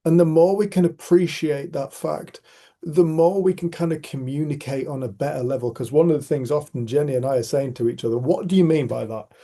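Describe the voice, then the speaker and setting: Brisk and warm-toned, this slightly high male voice belongs to a middle-aged group facilitator from Cumbria, Northern England, who has a Cumbrian accent. He leads a casual video-call discussion in a chatty, teasing way, swearing once in a while.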